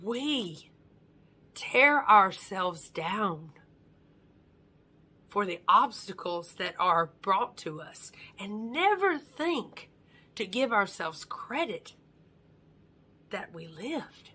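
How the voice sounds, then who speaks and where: A woman's voice: medium pitch, sing-song, very slow, long pauses, bright, forceful tone, breathy edge. A woman giving an earnest motivational monologue, often dropping her voice to a near-whisper. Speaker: motivational speaker.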